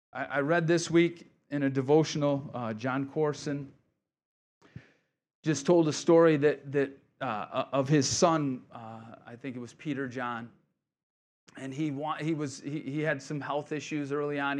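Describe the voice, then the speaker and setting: Pastor guy preaching, chatty and encouraging, keeps asking right?, voice on the higher side. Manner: conversational, asks congregation "right?" often; encouraging, repeats key phrases. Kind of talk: sermon.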